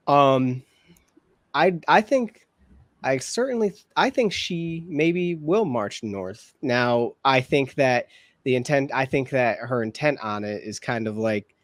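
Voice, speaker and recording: A man's voice: mid-range voice, no room sound, studio quality. A man co-hosting a reaction show, talking casually and thinking aloud with lots of hedges and restarts. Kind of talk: casual discussion.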